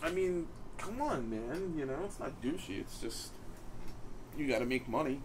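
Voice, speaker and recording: A male podcast host keeps the chat easy and encouraging, feeling his way into questions with small restarts. His voice sits at a middle pitch for a man. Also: lively intonation, background noise. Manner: easygoing, encouraging, halting questions. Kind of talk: casual interview chat.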